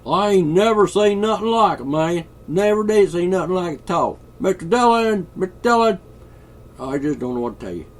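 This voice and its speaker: A man putting on an exaggerated hillbilly voice, loud and baffled. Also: sits high, expressive, moderate pace, pitched above the performer's own voice. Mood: outraged. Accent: put-on rural Appalachian.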